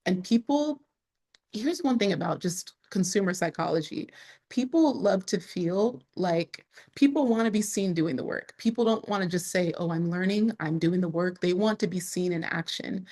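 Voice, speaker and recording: A woman being interviewed, telling her story in a casual, expressive way with lots of fillers, sometimes close to tears. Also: fairly low pitch, moderate pace. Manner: expressive, frequent "like" fillers, rises sharply when excited. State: emotional, near tears at times. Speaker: entrepreneur guest.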